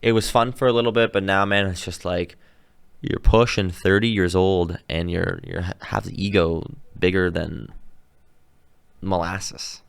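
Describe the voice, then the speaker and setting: Male sports podcast host, deep smooth voice, opinionated and rambling. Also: steady tone, measured pace. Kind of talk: casual sports talk.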